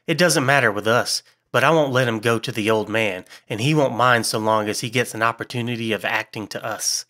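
A man voicing a calm, pipe-smoking traveler with an offhand, dry manner. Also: mid-range voice, brisk, close to an everyday voice. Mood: dismissive.

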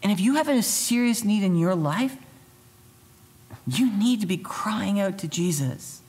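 A man preaching a youth sermon as pastor, talking in a lively, conversational way and acting out the voices of people in the story. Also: high voice, measured pace.

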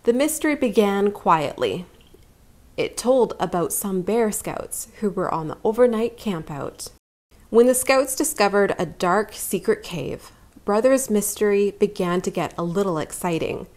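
Slow, gentle woman reading to children. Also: medium pitch, animated. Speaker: children's story reader. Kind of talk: read-aloud storytelling.

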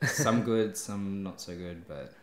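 Young aussie guy, lowish voice, kinda quiet short answers, roomy echo. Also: slow. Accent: Australian. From Australia. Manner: soft-spoken, short answers with many "mm" and "yeah". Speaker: guest. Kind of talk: casual interview chat.

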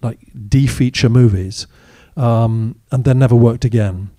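Guy actor answering audience questions on stage, wry and candid, soft mellow tone. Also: mid-range voice, measured pace, dry recording, studio quality. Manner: candid, wry anecdotal storytelling. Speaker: actor, guest of a film Q&A. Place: cinema stage after a screening.

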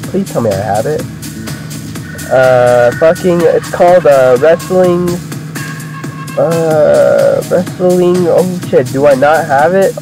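Profane, excitable gamer man, lively pitch. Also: rough recording. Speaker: gamer playing a wrestling game. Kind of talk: casual gameplay commentary. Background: game music.

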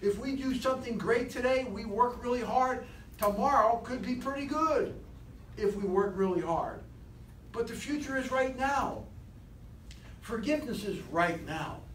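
A man leading a live motivational sales seminar, animated and rousing, constantly quizzing his audience, recorded from a distance in an echoey training room. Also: extremely high pitch, a little slow. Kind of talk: live seminar talk to a class. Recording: echoey room, distant mic, faint hiss.

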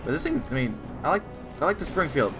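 A man's voice: fairly high pitch, big pitch swings, quick pace, over music. A man hosting a game playthrough, chatting casually and bantering playfully with his co-player. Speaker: let's play host. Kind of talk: casual gameplay chat.

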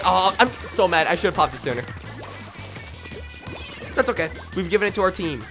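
Brief: male gamer streamer, bright animated voice, rambling late-night commentary, faint game music behind. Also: high voice, brisk, long pauses. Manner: excitable, rambling, bursts into shouting. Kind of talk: live gameplay commentary.

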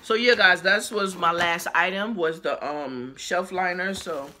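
A woman chatting casually to her viewers in a haul video, lively and exclamatory, talking straight to the camera and sometimes while chewing. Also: fairly low pitch, a little slow, noisy background. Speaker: haul vlogger. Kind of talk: casual haul vlog chat.

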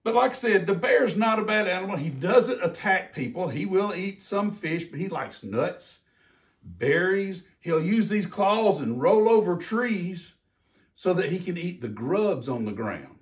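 An older man, a retired game warden giving a folksy, animated talk about wildlife for kids. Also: high voice, measured pace, recorded from a distance.

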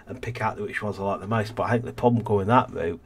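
A man's voice: fairly low pitch, fast, slight background noise. A man casually commentating a city-building game as host, rambling and thinking aloud, tired and yawning. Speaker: let's play host.

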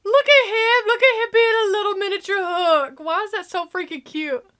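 A woman giving excitable, gushing casual commentary while reacting to a movie. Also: very high voice, fairly quick.

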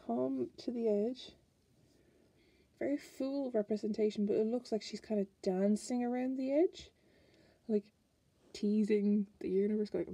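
A woman's voice: on the high side, gravelly, mellow, slightly rough, no echo. An Irish woman chatting casually as she flips through a card deck, musing aloud and restarting her sentences. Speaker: tarot card reviewer.

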